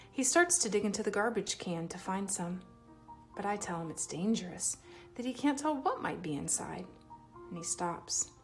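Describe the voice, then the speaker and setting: A woman reading a children's picture book aloud, expressive and animated, giving feeling to the child narrator. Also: fairly low pitch. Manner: expressive, voices the child's feelings with lively shifts. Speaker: storybook reader.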